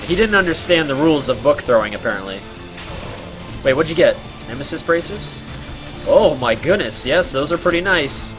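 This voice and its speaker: A man's voice: on the high side, lively intonation, normal speed, over music. A man streaming a game while telling a rambling story, full of fillers and laughs.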